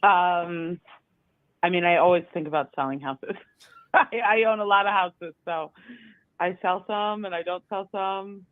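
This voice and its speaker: A woman who owns rental houses answering a cold call, hesitant and noncommittal, with many pauses. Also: on the low side. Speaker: homeowner and landlord on a call. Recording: tinny phone line.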